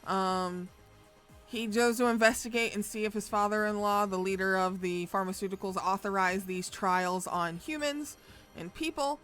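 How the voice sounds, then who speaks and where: A woman's voice: mid-range voice, moderate pace, fairly bright tone, soft background music. A woman streamer casually recapping a story, chatty and rambling, swearing freely as she goes. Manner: profane, chatty, rambling with fillers.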